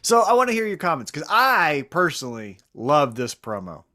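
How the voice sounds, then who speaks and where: A man's voice: a little high, very animated, moderate pace, sharp tone. A man co-hosting a casual podcast chat, enthusiastic, swearing and often checking in with "right?". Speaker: co-host.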